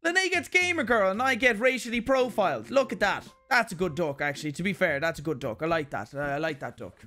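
A man's voice: high voice, lively intonation, brisk, sharp tone, soft background music. An Irish man hosting a casual mail-opening vlog, crude and joking, with lots of swearing. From Ireland. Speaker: YouTube host.

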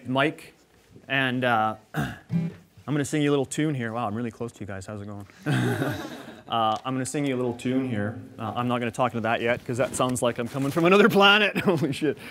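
A man's voice: mid-range voice, a little fast, a bit bright, faint music behind, natural voice. A man playing a crude jokey redneck oil worker. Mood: joking. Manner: rambling, crude jokes, lots of filler words. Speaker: performer in character. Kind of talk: in-character stage banter.

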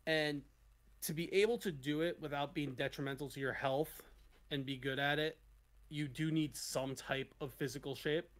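A man's voice: on the high side, steady tone, moderate pace. A young man talking in a casual podcast chat, hesitant and full of restarts and "like.".

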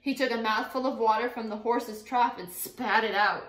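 A woman teacher reading a picture book aloud to her class, pausing to think out loud about what she imagines. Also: fairly high pitch, fairly even intonation. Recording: echoey room.

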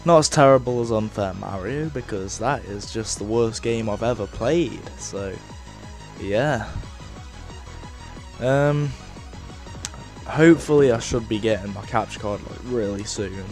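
A young man rambling casually through a let's-play of a game on a headset mic, with lots of fillers and sudden shouts of frustration. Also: on the low side, measured pace, soft background music. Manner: rambling, filler-heavy, bursts into rage shouts. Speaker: gaming video host.

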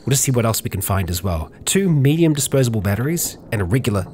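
A young man talking through a survival game in an easygoing, conversational way, narrating his character in the third person. His voice sits in an ordinary middle pitch, recorded on a desk mic with a faint hum of ambience behind him. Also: sing-song, fast talker, a little mellow. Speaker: let's play host narrating a survival game. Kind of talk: roleplay-style game commentary.

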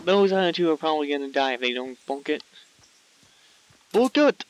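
A man's voice: on the high side, fast, no room sound. A man casually commentating a video game, playful and teasing, laughing often. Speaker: gameplay commentator.

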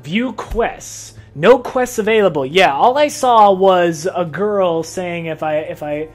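A man hosting a let's-play video, excitable and profane, often laughing and shouting at the game. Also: high-pitched, slow pace, soft background music. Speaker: gaming video host.

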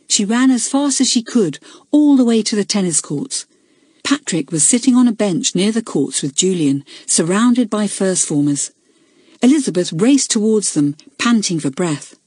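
A woman narrating a children's book in a clear, measured storytelling manner. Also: mid-range voice, lively intonation, darkish tone, no room sound, clean studio sound. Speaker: audiobook narrator. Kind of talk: scripted narration.

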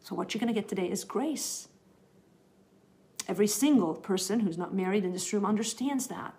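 A woman's voice: medium pitch, normal speed, a little mellow. A middle-aged woman giving a teaching session to new believers, talking in an earnest, conversational way with frequent restarts. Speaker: Bible teacher.

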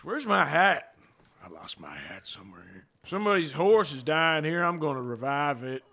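A man doing an outlaw cowboy impression in game voice chat, gravelly, drawling in old-west slang and teasing the other players. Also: on the high side, big pitch swings, moderate pace, crowd noise. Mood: gruff drawl. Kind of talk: in-game voice chat role-play.

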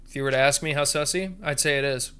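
A man's voice: mid-range voice, fast talker, sharp tone, smooth. A man doing joking horror game commentary, talking to viewers and muttering codes under his breath. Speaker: gaming video creator.

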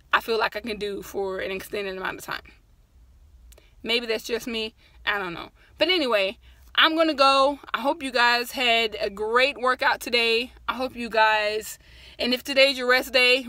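A woman's voice: a little high, bright, forceful tone, no room sound. A woman vlogging from her parked truck, tired after a workout, chatting in a rambling, encouraging way. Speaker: fitness vlogger. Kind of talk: casual chat to camera.

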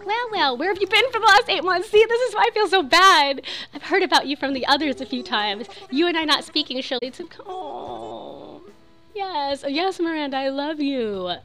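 A woman voicing a chatty animal villager from a video game in a put-on British accent, high and fussy. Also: expressive, normal speed, pushed and bright. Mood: reproachful.

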